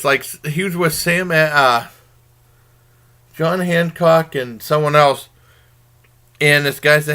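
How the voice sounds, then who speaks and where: Bright, forceful man reviewing a TV show. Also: on the high side, fairly even intonation, slow, long pauses, smooth. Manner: rambling plot retelling; informal and conversational. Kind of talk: casual TV review vlog.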